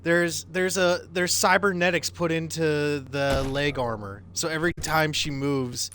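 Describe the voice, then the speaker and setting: Excitable swearing male game streamer. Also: on the high side, measured pace. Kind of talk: live gameplay commentary. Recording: noisy stream audio.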